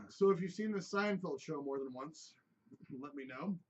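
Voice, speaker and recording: A man's voice: on the high side, unhurried, slight background noise. A man hosting a podcast in casual chat, joking, swearing, and drifting off topic. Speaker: podcast host. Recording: dull lo-fi podcast audio.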